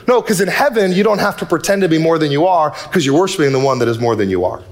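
High-voiced, animated male pastor preaching. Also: a little fast. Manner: animated, joking, swings from loud to soft and intimate. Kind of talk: sermon. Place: church sanctuary.

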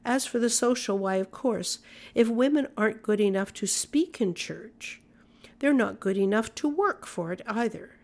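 A woman reading the lines of a calm, stubborn country minister's wife in a cool, matter-of-fact way. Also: on the high side, normal speed.

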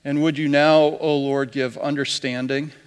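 A man's voice: on the high side, level tone, clear, resonant tone. Solemn man preaching in a reverberant hall. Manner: solemn, measured reading aloud. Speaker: pastor. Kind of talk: sermon with scripture reading. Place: church sanctuary. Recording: long reverb of a church hall.

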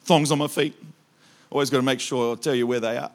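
An Australian-accented man delivers a sermon at a fast clip in a mid-range voice. He's animated and jokey, spinning comic stories and speaking straight to the audience.

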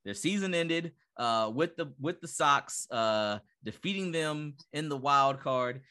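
A podcast host with a fairly high, bright, forceful voice conducts a casual interview. He sets up his questions in a loose, wordy, rambling way.

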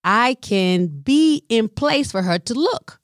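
A middle-aged woman caring for her mother, telling a personal story in an animated, colloquial way and sometimes dropping into a whisper. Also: on the high side, slow pace, dry recording, studio quality. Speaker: family caregiver.

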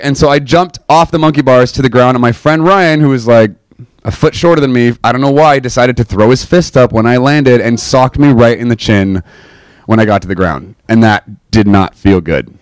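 A young man casually telling a personal faith story to listeners, animated and self-mocking, often checking in with "right?". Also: medium pitch, moderate pace, clean tone, no room sound.

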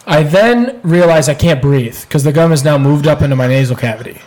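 A man's voice: fairly high pitch, fairly quick, a little mellow. A man co-hosting a podcast, rambling through a childhood story with laughs, in casual chat. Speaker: podcast co-host.

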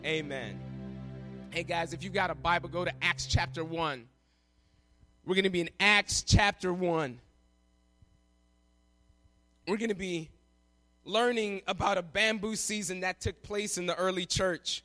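Young male pastor, high bright voice, animated storyteller from the pulpit. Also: measured pace, pauses often, soft background music. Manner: animated storytelling, acting out characters. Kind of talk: sermon.

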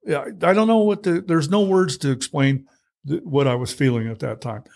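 A man's voice: a little high, a little fast, vocal fry, a little mellow. A middle-aged man telling his own story in conversation, blunt and plainspoken, full of fillers and restarts. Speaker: guest.

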